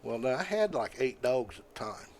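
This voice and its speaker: An older man, a podcast guest telling stories in a folksy, rambling way, often halting with fillers. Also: medium pitch, very animated. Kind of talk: casual storytelling.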